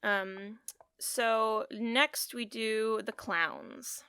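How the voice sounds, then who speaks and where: A woman's voice: a little high, drawn-out words, bright, forceful tone, clear, resonant tone, dry recording, studio quality. A woman co-hosting a podcast in casual chat, rambling and giggly with a taste for puns. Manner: giggly, rambling, pun-loving. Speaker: podcast co-host.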